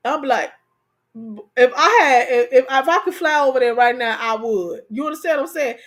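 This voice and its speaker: Brisk and high-pitched, this female livestream host jokes around with her audience. Lots of laughter, lively energy, and she talks straight to the viewers.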